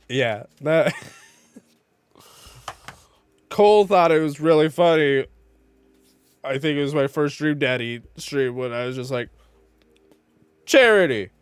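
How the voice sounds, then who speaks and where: A man's voice: fairly high pitch, takes it slowly, pauses often, smooth, no room sound. A tipsy man on a casual charity stream, reading game dialogue aloud and laughing often between lines.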